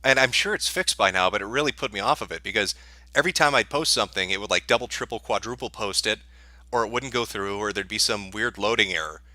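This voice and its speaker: A man's voice: on the low side, fast, pushed and bright, no room sound. A man answering viewer questions on a livestream in a sarcastic, profane, dismissive rant.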